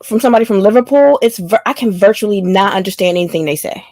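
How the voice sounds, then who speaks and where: A woman in casual chat, relaxed and quick to laugh between remarks. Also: mid-range voice, dry recording. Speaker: chat participant.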